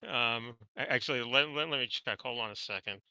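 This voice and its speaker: A man's voice: medium pitch, a little fast, pushed and bright, clear, resonant tone, dry recording, rough recording. A man playing a tabletop game as a player, stammering and repeating words. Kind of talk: tabletop role-play.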